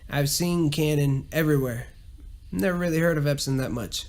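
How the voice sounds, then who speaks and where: A man's voice: a little high, moderate pace, darkish tone. A man with a Southern US accent, hosting a podcast and ranting profanely in a casual monologue. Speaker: podcast host.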